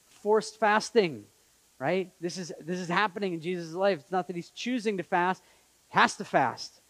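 A man preaching a conversational sermon as pastor, acting out quotes in an animated way. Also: sits high, moderate pace, no echo, poor audio. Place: church in Montreal.

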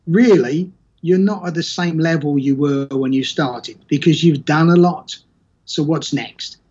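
A man with a husky, slightly raised voice talks in a loose, conversational way, often restarting his sentences as he explains his view. The recording sounds muffled and lo-fi. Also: fairly high pitch, measured pace, a little mellow. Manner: rambling, self-correcting storyteller. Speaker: podcast guest. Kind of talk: casual conversation.

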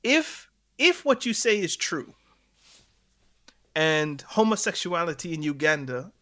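A man co-hosting a podcast, telling a story in animated casual chat and laughing between points. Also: a little high, measured pace. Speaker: podcast co-host.

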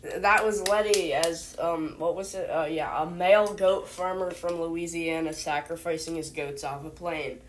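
A woman's voice: on the low side, fairly even intonation, normal speed, hardly any pauses. A young woman hosting a homemade mock news show, rambling and hesitant, full of fillers. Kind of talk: playful mock newscast.

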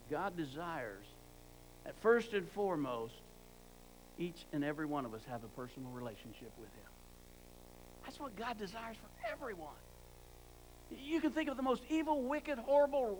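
Male preacher, high voice, emphatic and repetitive, restarts words, faint hum underneath. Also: low-quality recording. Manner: emphatic, repeats words for stress. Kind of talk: sermon.

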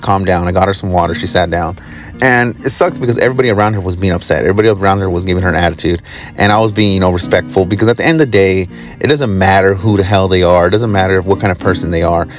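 Rambling, profane man with a low voice. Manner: rambling, profane, with many fillers. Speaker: podcast host. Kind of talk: casual storytelling monologue. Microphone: recording on the job, from a motel.

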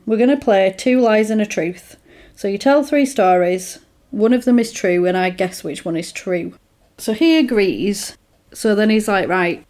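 A woman in casual conversation, telling a film's story with lively swings in her voice as she acts out each character's lines. Her pitch sits in a middling range. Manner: animated storytelling, acting out quoted lines. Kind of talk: casual chat retelling a film plot.

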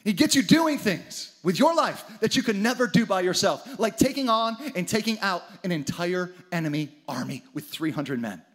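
A man's voice: sits high, lively intonation, normal speed, hardly any pauses. A man preaching a sermon with dramatic energy, acting out the story's characters in his own voice. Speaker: pastor.

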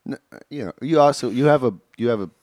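A man's voice: medium pitch, quick pace, a little mellow, dry recording, clean studio sound. A man co-hosting a casual podcast, teasing his partner with crude jokes and laughing often. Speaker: podcast co-host.

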